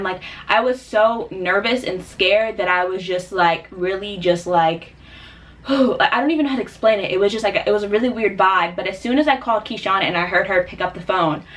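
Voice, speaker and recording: A woman's voice: mid-range voice, recorded from a distance. Young woman, casual vlog storytelling, lots of fillers, a bit away from the mic. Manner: chatty, filler-heavy, animated when quoting. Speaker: vlogger.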